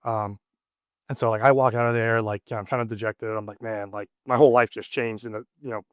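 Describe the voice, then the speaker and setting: A man's voice: fairly low pitch, fairly even intonation, fast, clear, resonant tone, dry recording, studio quality. Man telling his story, loose and chatty. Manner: rambling, lots of fillers and restarts. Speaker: interview guest. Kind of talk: casual storytelling interview.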